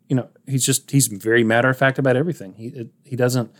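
Chuckling, rambling podcast host. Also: male voice, medium pitch, fairly even intonation, fast talker, few pauses, a bit bright. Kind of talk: casual chat.

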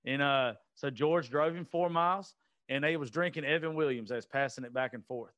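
A man's voice: mid-range voice, brisk, fairly bright tone, no echo, muffled recording. A man, chatting casually and telling rambling stories with plenty of swearing. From US South. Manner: rambling storyteller, swears freely. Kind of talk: casual chat.

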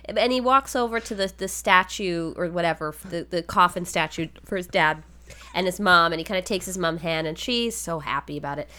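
A woman's voice: on the low side, a little fast, bright, forceful tone. A woman co-hosting a comedy podcast, chattily building scenes in an improvised story. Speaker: podcast co-host.

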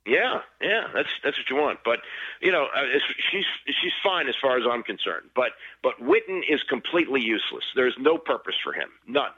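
A man's voice: mid-range voice, very animated, normal speed, slightly rough. An older man talking sports as a guest, rambling and restarting his sentences often. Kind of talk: casual sports talk. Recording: dull, lo-fi line.

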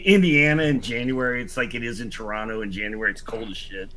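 A man's voice: mid-range voice, fast, a crowd in the background. Rambling man telling a story. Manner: rambling, full of "like" and restarts, acts out quotes. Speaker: podcast guest storyteller. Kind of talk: casual storytelling chat.

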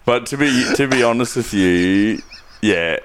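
A young man with a low voice, chatting casually on a podcast. He is laid-back and blokey, swears freely and calls everyone mate. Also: a little slow, a bit bright, slight background noise. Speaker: podcast co-host. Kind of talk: casual chat.

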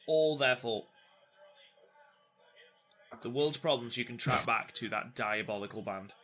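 A young man co-hosting a watchalong podcast, excitable and sweary, quick to laugh. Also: mid-range voice. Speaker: podcast co-host. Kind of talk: casual watchalong chat.

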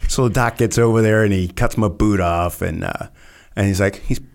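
Low gravelly man telling stories. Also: moderate pace. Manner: relaxed anecdotes with quoted voices and many fillers. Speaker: podcast guest, former Navy SEAL. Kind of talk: casual storytelling interview.

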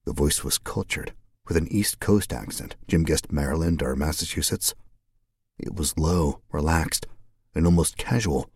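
Narrator: very low, husky man, dry close sound, steady and deliberate. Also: no echo. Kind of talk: scripted audiobook narration.

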